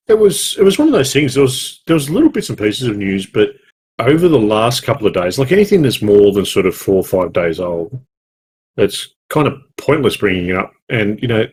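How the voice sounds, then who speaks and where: An Australian man co-hosts a gaming podcast in loose, rambling chat, often stopping to correct himself mid-sentence. His voice is husky and sits fairly low. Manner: rambling, self-correcting, jokey. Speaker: podcast co-host. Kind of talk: casual chat.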